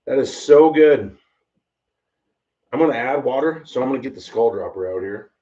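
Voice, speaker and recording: Excitable man, slightly distant mic. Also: medium pitch, a little slow, pauses often, lo-fi sound. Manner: excitable, exclaiming, rambling. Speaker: bourbon tasting host. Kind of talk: casual livestream tasting chat.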